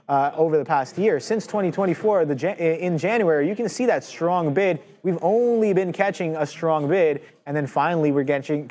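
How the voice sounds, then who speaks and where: A man's voice: fairly high pitch, darkish tone. A man hosting a live trading show, casually walking through stock charts with frequent restarts. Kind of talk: live market commentary.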